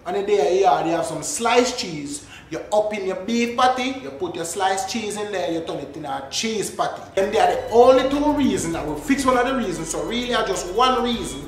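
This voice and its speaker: A man's voice: high-pitched, expressive, a little fast, few pauses, slight background noise. A Jamaican man hosting a reaction video, giving comic commentary in a mock-outraged patois rant. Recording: echoey room with faint music.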